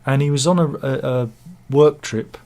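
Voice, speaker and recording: Talking over images on screen, an English man offers laid-back satirical takes on the news, full of self-deprecating asides and theatrical jokes. He speaks at normal speed in a mellow, mid-range voice.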